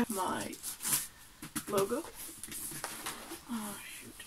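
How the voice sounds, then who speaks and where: A woman's voice: mid-range voice, slow, heavy background noise. A woman artist chatting casually and rambling as she unpacks her work, laughing often. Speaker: artist vlogger. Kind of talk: casual chat while unpacking.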